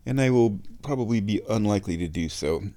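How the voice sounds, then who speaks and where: Man podcast host with a stuffy nose, low-pitched, playful and chatty, casual rambling solo talk at home. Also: expressive, a little fast, mellow. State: stuffed-up sinuses. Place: at home, walking between rooms.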